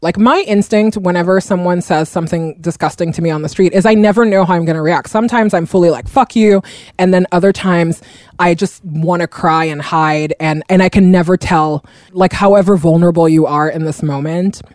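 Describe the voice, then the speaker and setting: A woman in casual conversation, telling animated stories in a chatty, playful way. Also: fairly low pitch, brisk, no room sound, studio quality. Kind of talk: casual chat.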